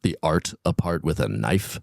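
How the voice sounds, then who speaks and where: A man co-hosting an improvised comedy show, talking in a dry, deadpan way. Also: a bass voice, normal speed, gravelly, dry recording.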